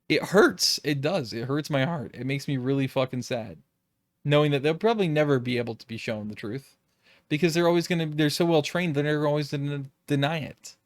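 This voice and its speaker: A man's voice: medium pitch, brisk, no echo, clean studio sound. A man who makes online videos, talking through an unscripted, rambling reflection with frequent swearing and exasperated outbursts. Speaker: YouTube creator.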